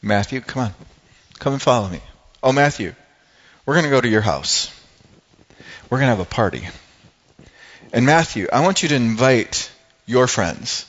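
A preacher voicing a gentle, coaxing teacher. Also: male voice, medium pitch, animated, moderate pace, long pauses. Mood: inviting. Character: gentle inviting man, calm teacher. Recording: dull lo-fi sound.

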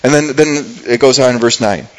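A man's voice: medium pitch, brisk, rough recording. A man preaching a sermon in an earnest, conversational way, often repeating words and acting out the lines he quotes. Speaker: pastor.

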